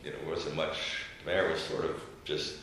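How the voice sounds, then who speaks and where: Bright-voiced man in an echoey room. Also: extremely low pitch, fairly quick, slight background noise. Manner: animated storyteller who acts out quotes. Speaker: former governor being interviewed. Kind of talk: casual storytelling interview.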